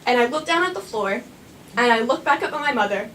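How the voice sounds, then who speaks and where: High-voiced young woman telling a story on stage. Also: animated, brisk, a bit bright. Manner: nervous, rambling, self-mocking. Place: small performing arts studio. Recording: stage voice from a distance with faint room noise.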